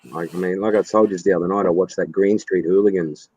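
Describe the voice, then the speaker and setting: Husky man, swearing casually. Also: deep voice, steady tone, fast talker, a little mellow, no echo, dull audio. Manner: swears freely, laughs a lot. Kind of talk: casual chat.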